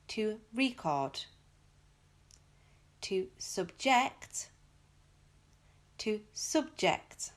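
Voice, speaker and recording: Very slow woman's pronunciation drill recording. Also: on the high side. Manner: says each word twice, shifting the stress. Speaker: pronunciation audio speaker.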